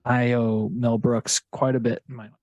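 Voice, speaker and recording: Male podcast host, mid-pitched, dry close mic, eager and stammering. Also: level tone, moderate pace, darkish tone, no echo, muffled recording. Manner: enthusiastic, stammering restarts. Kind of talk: casual chat.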